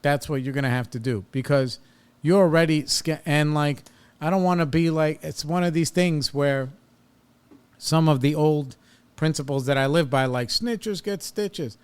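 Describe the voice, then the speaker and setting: A man's voice: fairly high pitch, fairly even intonation, moderate pace, clean tone. Blunt, profane man telling a story. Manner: blunt and profane, retells arguments with rising heat. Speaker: podcast host. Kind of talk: casual personal storytelling.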